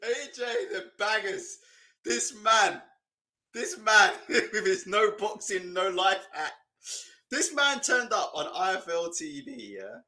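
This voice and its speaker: Lively, bright-voiced streamer. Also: male voice, high-pitched. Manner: chatty, mocking, laughs often, asks rhetorical questions. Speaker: reaction streamer. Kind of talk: casual live-stream reaction commentary.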